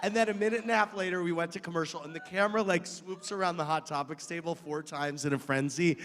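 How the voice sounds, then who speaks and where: High-voiced man telling animated stories. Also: fast, in a large hall. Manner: animated storyteller, rambling anecdotes. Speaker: author being interviewed. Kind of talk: onstage conversation.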